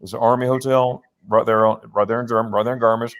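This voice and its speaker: A man's voice: medium pitch, quick pace. Rambling man telling a story. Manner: rambling, animated anecdote with many restarts. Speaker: host. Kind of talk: casual storytelling chat. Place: home office. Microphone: laptop.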